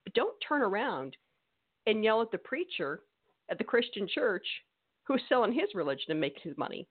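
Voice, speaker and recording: A woman's voice: medium pitch, very animated, moderate pace, slightly rough. Woman podcast co-host, emphatic and scolding, opinionated casual chat, narrow phone-like sound. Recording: tinny phone-like audio.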